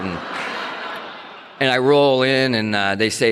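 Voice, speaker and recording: A man with a very low voice tells his own story in a casual, candid way. He pokes wry fun at himself as he goes. His voice rings out with a long hall reverb. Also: normal speed, long pauses, fairly bright tone, slight background noise. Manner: candid, self-mocking and wry. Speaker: speaker sharing his recovery story.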